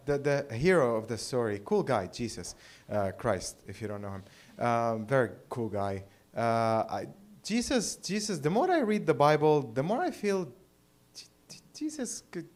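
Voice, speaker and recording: Brief: male stand-up comic from the Middle East, dry and hesitant, mid-pitched, open mic set. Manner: halting and dry, full of uh and like. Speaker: stand-up comedian. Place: small live comedy venue.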